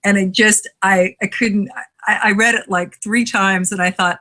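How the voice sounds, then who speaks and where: A woman's voice: medium pitch, fairly even intonation, normal speed, bright, forceful tone. A woman co-hosting a podcast and teaching writing, chatting casually, laughing often and restarting her sentences.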